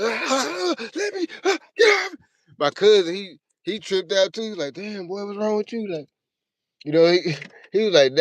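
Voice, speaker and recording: A man hosting a show, telling a long, profane personal story in a casual, animated way. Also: medium pitch, no room sound. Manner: profane, animated, acts out his own panicked yelling. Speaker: show host.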